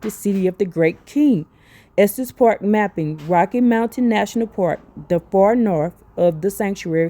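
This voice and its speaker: A woman giving a religious teaching, reading text aloud and breaking into excited asides to her listeners. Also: mid-range voice.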